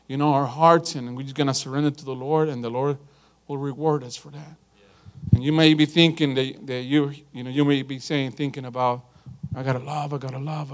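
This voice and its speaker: A middle-aged man preaching a sermon in an animated, emphatic way, telling stories to a congregation. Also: a little high. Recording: guitar and piano music underneath.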